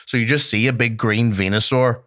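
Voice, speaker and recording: A man's voice: medium pitch, steady tone, fairly quick, fairly bright tone, no room sound, clean studio sound. A man co-hosting a podcast in casual chat, teasing his co-host and swearing casually.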